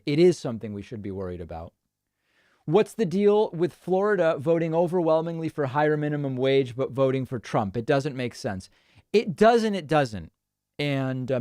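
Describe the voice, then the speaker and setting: A man's voice: mid-range voice, darkish tone, dry recording. A man hosting a live political stream, reading viewer comments aloud and answering them offhand with dry asides. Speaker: political show host.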